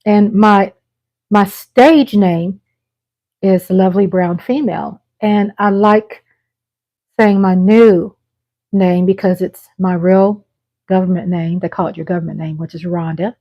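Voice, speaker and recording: A middle-aged woman hosting a live stream, chatting casually in a rambling way with frequent pauses and restarts. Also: medium pitch, steady tone, muffled recording.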